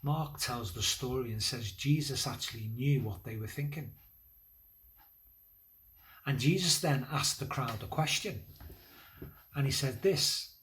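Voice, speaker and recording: A man in a church role, telling a Bible story to children at a school assembly in a gentle, conversational way with pauses and fillers. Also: medium pitch. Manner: lively, building energy toward the climax of the story.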